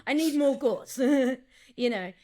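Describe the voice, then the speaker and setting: In a casual interview, a woman who directs and coaches actors talks animatedly, acting out lines and quotes and restarting often. Her voice is high and she takes her time.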